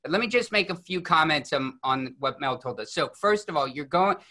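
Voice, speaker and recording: A man moderating a panel discussion as host, halting and restarting as he frames his questions. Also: on the high side, lively intonation, pushed and bright.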